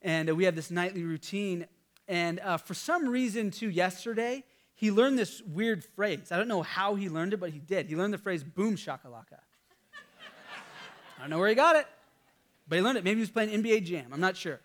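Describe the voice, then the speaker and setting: A man in his thirties preaches a sermon with a notably high voice for a man. He talks in a relaxed, conversational way, weaving in a family story and stumbling over small restarts and fillers. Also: brisk. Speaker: pastor.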